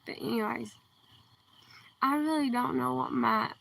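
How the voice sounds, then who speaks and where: A woman with a southern Kentucky accent, chatting on a livestream outdoors at night, speaking slowly and carefully enunciating into a phone. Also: fairly high pitch, vocal fry. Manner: slow, deliberately enunciated, soft-spoken. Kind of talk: casual livestream chat. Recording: distant phone mic, faint outdoor hiss.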